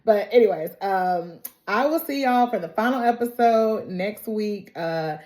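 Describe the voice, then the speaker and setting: Speaking at a measured pace, this woman has a medium-pitched, darkish voice. She recaps a TV drama episode to camera in a chatty, emotional way, sprinkling in plenty of "like" and "y'all".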